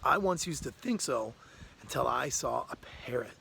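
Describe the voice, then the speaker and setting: Guy doing a modest swan, calm and matter-of-fact, a bit higher. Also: normal speed, vocal fry, a little hiss or hum. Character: graceful, modest swan on a lake.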